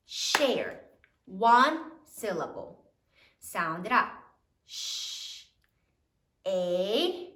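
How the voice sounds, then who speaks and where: A woman's voice: sits high, a bit bright, distant mic. A woman teaching a third grade spelling lesson, sounding out words letter by letter in a sing-song way. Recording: echoey room, voice off-mic.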